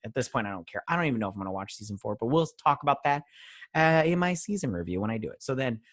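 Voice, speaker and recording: Sing-song and rapid-fire, this young host's mid-range, fairly bright voice is captured in a dry studio recording. He casually reviews an episode, rambling and dismissive, paraphrasing scenes as "he's all like."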